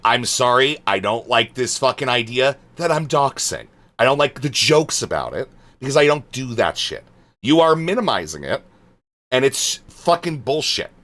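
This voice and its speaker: Exasperated male streamer, bright lively voice. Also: mid-range voice. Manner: exasperated, swearing, muttering asides. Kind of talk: live-stream chat reading.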